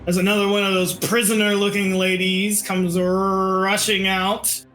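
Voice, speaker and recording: A man's voice: high-pitched, level tone, unhurried, a bit bright. A man running a tabletop game as game master, laughing often as he narrates. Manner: laughing often, voices bandits. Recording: echoey room, faint music.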